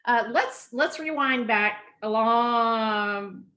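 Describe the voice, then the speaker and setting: Woman, interview guest, slow pace, higher voice, hesitant, fillers. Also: sharp tone. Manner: hesitant, with many fillers and restarts. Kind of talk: casual interview chat.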